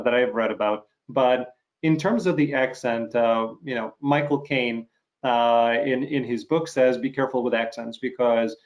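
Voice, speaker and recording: A man whose first language is Russian, hosting an interview and asking reflective questions with many ums. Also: medium pitch. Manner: reflective, frequent ums and you-knows. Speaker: interview host. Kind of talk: casual interview chat.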